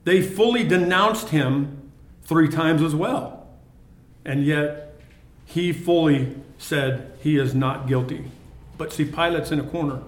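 A man reading a Bible passage aloud and stopping to explain it to a study group, with pauses and restarts. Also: a little high. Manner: reads scripture then explains it with pauses and restarts. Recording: echoey room.

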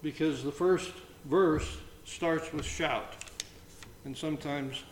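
A man leading an informal Bible study, reading scripture aloud between halting comments. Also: fairly high pitch, steady tone. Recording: roomy echo, faint background noise.

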